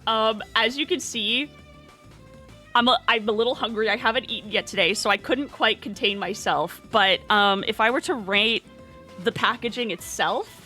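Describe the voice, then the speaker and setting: A woman streamer chatting casually and with animation, slipping into high baby talk with her pet bird. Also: bright, forceful tone.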